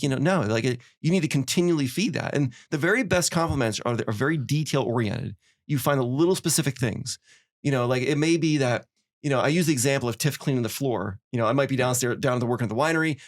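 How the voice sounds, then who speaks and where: A man hosting a podcast, chatting casually and acting out little quoted lines as he tells stories. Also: mid-range voice. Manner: fast, animated storyteller acting out quotes. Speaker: podcast host. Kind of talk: casual conversation.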